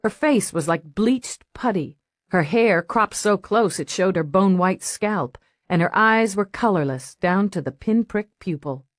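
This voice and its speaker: A woman narrating a crime audiobook in a steady, measured storytelling voice on a close mic. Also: mid-range voice, no room sound. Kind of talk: scripted narration.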